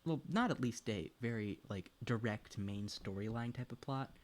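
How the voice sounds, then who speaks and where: A man's voice: mid-range voice, normal speed. A young man chatting casually while streaming a farming game at home, rambling, swearing often and laughing between thoughts. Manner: talks to a pet and chat while playing. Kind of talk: casual gaming chat.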